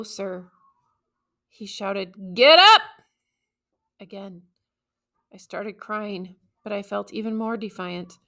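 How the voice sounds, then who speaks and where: A woman narrating an audiobook in the first person, measured and emotive, stressing key words. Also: medium pitch, bright, forceful tone.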